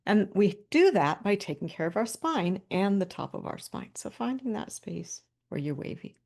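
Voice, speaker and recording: A woman presenting a webinar over a video call, calmly guiding listeners through posture and breathing cues with light laughs between instructions. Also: mid-range voice, moderate pace, vocal fry. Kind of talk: guided body-awareness instruction.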